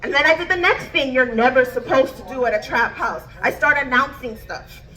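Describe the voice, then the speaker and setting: Bubbly, high-voiced woman comedian. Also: a little fast, faint music behind. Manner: bubbly, laughing, animated storytelling. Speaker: standup comedian. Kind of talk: standup storytelling.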